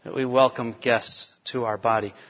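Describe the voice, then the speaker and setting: A pastor preaches a sermon in a church sanctuary, working through scripture and building to emphatic peaks. His mid-range voice keeps a level tone at normal speed. The recording sounds dull, with long hall reverb.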